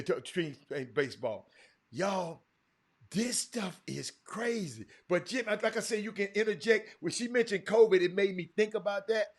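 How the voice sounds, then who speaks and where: A man hosting a casual sports talk show, animated and calling his listeners y'all. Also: high-pitched.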